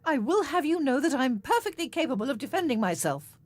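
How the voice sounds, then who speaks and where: A woman's voice: high-pitched, sing-song, a little fast, dry recording, voice pushed up. A woman voicing an imperious elderly man who demands to be released, in a professional audio drama reading. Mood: indignant. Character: indignant elderly man, the Doctor.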